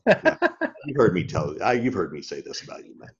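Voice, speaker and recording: A man's voice: deep voice, big pitch swings, fast, a little hiss or hum. A man co-hosting a podcast in casual chat, rambling with many fillers and restarts. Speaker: podcast co-host and sales trainer. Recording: dull lo-fi sound.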